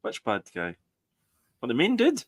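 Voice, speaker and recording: A man co-hosting a casual film review chat, chiming in with quick, agreeable interjections. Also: medium pitch, wildly swooping pitch, no room sound.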